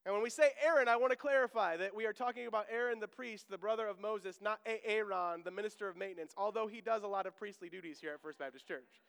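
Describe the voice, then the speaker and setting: High-voiced pastor preaching in reverberant church. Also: male voice, quick pace, vocal fry, few pauses, a bit bright, smooth. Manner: conversational preaching with humorous asides and emphatic outbursts. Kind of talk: sermon. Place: church sanctuary.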